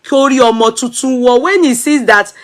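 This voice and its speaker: A woman's voice: sits high, brisk. Nigerian woman mixing in Yoruba, questioning. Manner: questioning, laughs often. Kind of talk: commentary chat.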